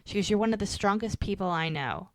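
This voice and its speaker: A woman's voice: mid-range voice, animated, fast, no echo. A woman co-hosting a podcast, casually recapping a TV episode and quoting the characters' lines as she goes.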